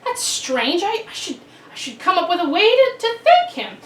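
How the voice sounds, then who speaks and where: A woman's voice: very high voice, wildly swooping pitch, moderate pace, fairly bright tone, voice pushed up, full character voice. A woman voicing an easygoing, grateful ancient king in casual storyteller phrasing, for children. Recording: roomy, distant mic.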